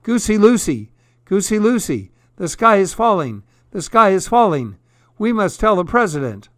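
A man voicing a loud, alarmed storybook goose yelling warnings over and over. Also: sits high, very animated, moderate pace, no room sound, studio quality, pitched above the performer's own voice.

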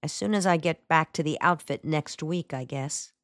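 A woman's voice: low-pitched, normal speed, no room sound, studio quality, lightly acted. A woman voicing an earnest young male soldier who speaks in terse, clipped sentences.

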